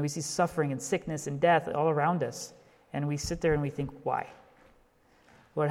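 A man's voice: on the high side, big-room sound. A male pastor preaching a sermon, telling a story and building to impassioned emphasis before leading a prayer.

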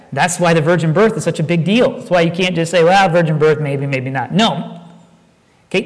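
A man preaching a sermon, talking conversationally and telling stories with animated asides. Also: sits high, long reverb tail. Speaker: pastor.

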